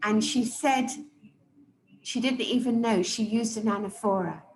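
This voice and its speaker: A woman's voice: a little high, slight background noise. Emphatic woman coach in a roomy hall. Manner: emphatic and deliberate, repeats key words. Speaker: public speaking coach. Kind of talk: live speech evaluation to an audience.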